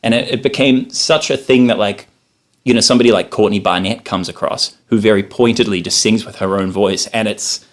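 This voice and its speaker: A man's voice: on the low side, fairly quick. A man from New Zealand, a podcast guest talking casually and expressively, swearing freely. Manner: animated and expressive, swears freely, talks in long run-on stretches. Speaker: podcast guest, filmmaker and musician. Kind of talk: casual chat.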